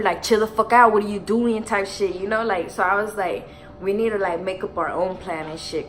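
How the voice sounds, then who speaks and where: A young woman from telling a story while doing her makeup, in an animated slangy way full of fillers and swearing. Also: fairly low pitch, low-quality recording. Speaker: beauty vlogger.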